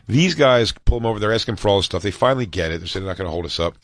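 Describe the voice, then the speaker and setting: A man's voice: fairly low pitch, animated, dry recording. A man telling a story in a casual, profane podcast chat and acting out the people in it. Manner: fast-talking, profane storyteller acting out others. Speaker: podcast co-host.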